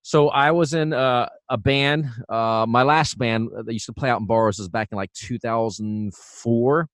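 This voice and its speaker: A man's voice: mid-range voice, unhurried, dry recording. Chatty male vocal coach, dry sound. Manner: relaxed, chatty, full of fillers and restarts. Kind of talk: casual instructional talk.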